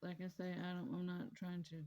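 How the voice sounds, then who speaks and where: A woman's voice: on the low side, completely flat delivery, a little fast, dark tone. A woman vlogging casually about her craft hobby, rambling and repeating herself in an easygoing way. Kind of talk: casual chat while crafting.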